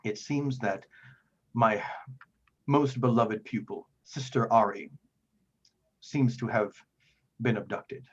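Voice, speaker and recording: A man's voice: mid-range voice, slow, pauses often, husky. A man doing a gracious old priest. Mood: grave. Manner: formal, solemn speech. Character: kindly old male priest, gracious and grave. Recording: slightly muffled recording.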